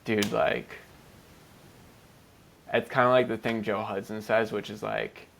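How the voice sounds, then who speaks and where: Gravelly low-voiced man, loose and profane. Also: flat delivery, measured pace, a bit bright, a little hiss or hum. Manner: loose, profane, heavy "like" fillers. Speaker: podcast co-host. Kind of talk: casual chat.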